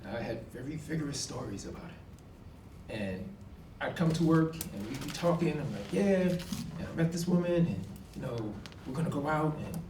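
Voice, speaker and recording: A man in his forties telling a personal story on stage, animated and acting out the dialogue. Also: a little high, moderate pace, noisy background. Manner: animated, acts out quoted dialogue with emphatic outbursts. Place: college event hall. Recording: echoey hall from far off.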